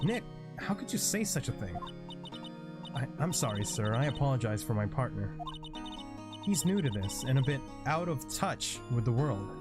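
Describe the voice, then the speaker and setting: A man voicing a spirited young woman sidekick, speaking in a blunt, lively way, with music playing behind. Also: medium pitch, moderate pace, natural voice. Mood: scolding.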